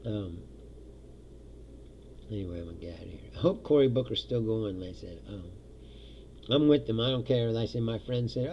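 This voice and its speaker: A man's voice: on the low side, lively intonation, normal speed, pauses often, warm tone, muffled recording, a little hiss or hum. A man hosting a casual, profane monologue, laughing often and mocking others in silly voices. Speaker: host.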